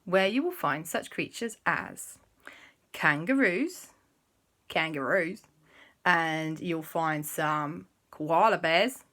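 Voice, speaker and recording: A woman spins an improvised children's story with a playful, chatty manner. She talks slowly, and her voice is bright and forceful. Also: low voice.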